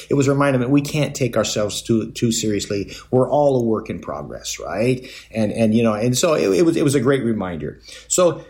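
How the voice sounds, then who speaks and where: A middle-aged man talks through a personal story on his podcast, with a pitch that sits right in the middle for a man. He rambles, doubles back on himself and fills gaps with "uh" and "you know". He pokes fun at himself in an easygoing, self-deprecating way. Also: very animated, brisk, few pauses, darkish tone. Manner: rambling, self-deprecating, many fillers and restarts. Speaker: podcast host. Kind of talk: casual storytelling monologue.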